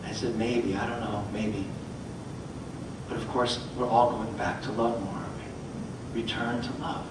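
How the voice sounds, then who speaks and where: A middle-aged man, a motivational speaker, telling a story on stage and acting out the voices of the people in it. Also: mid-range voice. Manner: animated, acts out voices in his stories. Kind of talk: storytelling talk. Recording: echoey hall, mic from far off.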